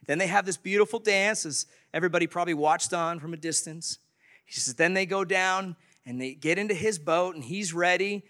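Animated, high-voiced male storyteller. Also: fairly quick. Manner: animated, chuckling. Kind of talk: storytelling to an audience.

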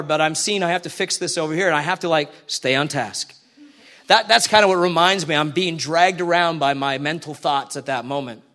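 A man with a high voice delivers a sermon in a church. He talks in a casual, animated way and keeps putting questions to the people listening. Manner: conversational, animated, asks the congregation questions. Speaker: preacher.

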